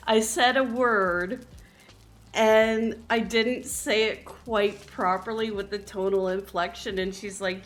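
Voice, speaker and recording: Slow, chatty Canadian woman streamer. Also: medium pitch, fairly even intonation. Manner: chatty, laughs often. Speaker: live streamer. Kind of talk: casual chat while streaming a game.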